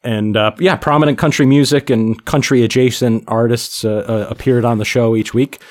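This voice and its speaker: A man co-hosting a podcast, laying out background facts in a relaxed way with frequent pauses. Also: medium pitch. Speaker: podcast co-host. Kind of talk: casual podcast chat.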